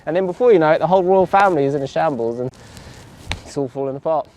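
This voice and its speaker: A man's voice: fairly high pitch, very fast, very noisy. A man in a casual podcast chat, joking playfully and spinning absurd tangents. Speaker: podcast co-host.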